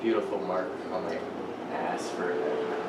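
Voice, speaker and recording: A man's voice: low voice, steady tone, moderate pace, heavy background noise. A man co-hosting a podcast, chatting loosely with a friend and swearing freely. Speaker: podcast co-host. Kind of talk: casual chat. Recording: roomy, distant mic.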